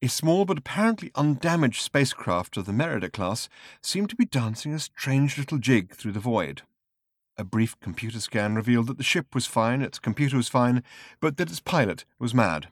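Male narrator, scripted storytelling, dry and measured, animated pitch, no room sound. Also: dry recording. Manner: dry, measured storytelling with varied expressive delivery. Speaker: audiobook narrator.

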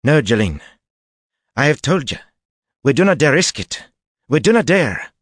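A frightened, defiant woman with a tight, strained voice, as a man reading the tale puts her on. Pitched far above the reader's own and pushed loud, recorded close and dry. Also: very animated, moderate pace, breathy edge, dry recording. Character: tense, frightened former captive woman, defiant.

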